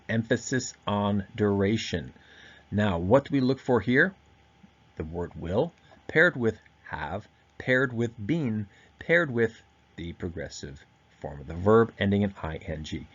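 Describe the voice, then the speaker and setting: A man giving a recorded grammar lesson, explaining step by step and slowing down to stress key words. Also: lowish voice, breathy edge, highs cut off. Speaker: teacher.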